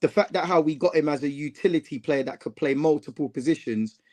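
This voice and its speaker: A man talks football in a loose, animated way, throwing in slang and circling back over his own words. His voice sits high for a man. The chat is relaxed and unscripted. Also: fairly quick. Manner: animated, heavy slang, repeats himself. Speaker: co-host.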